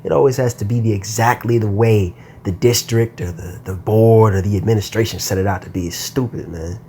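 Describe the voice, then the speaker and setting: A young man speaks in a lowish voice, rambling through a casual solo podcast. He is tired and laid-back, with a slangy way of talking. A faint noise sits under the recording. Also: fairly even intonation, brisk, dark tone. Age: young adult. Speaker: podcast host.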